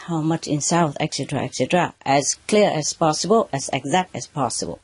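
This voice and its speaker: A spiritual teacher addressing a live audience under spotlights, speaking halting, non-native English and often checking in with "okay" and "huh". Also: medium pitch, darkish tone, dry recording. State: slightly emotional at moments. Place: under bright spotlights, indoors.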